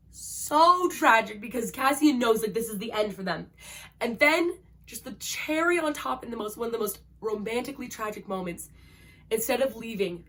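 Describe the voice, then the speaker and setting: A woman's voice: fairly high pitch, a bit bright. A young woman talking casually about books she loves, gushing and dramatic, with lots of fillers. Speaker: book reviewer.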